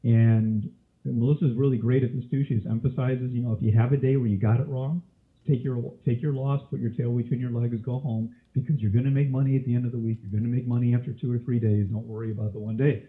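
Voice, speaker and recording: Male trading instructor, mid pitch, a cough and a scratchy throat, quizzing style, tinny webinar audio. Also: fairly even intonation, fast talker. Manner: quizzes listeners with frequent questions. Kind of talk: live webinar teaching.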